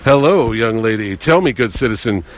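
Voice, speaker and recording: A man putting on the voice of a pompous, hammy older male TV star, with a slow and theatrical delivery. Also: mid-range voice, animated, voice pushed down, lightly acted. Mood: hammy flirting.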